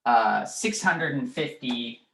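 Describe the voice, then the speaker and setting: A man's voice: medium pitch, lively intonation, takes it slowly, gravelly, fairly bright tone. A man teaching a biology class, explaining step by step with frequent fillers and checking questions to his students. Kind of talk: classroom lecture. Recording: echoey classroom.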